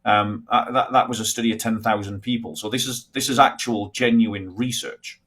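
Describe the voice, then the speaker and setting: A British man talking in a casual livestream chat over a video call, measured and wry. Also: on the low side, fairly even intonation, a bit bright, husky. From United Kingdom.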